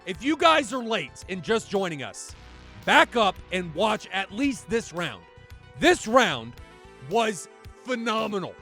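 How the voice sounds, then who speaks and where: A man giving live play-by-play commentary on an air combat match, excitable, swearing freely and shouting at big moments. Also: high voice, slow pace, soft background music. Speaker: esports commentator.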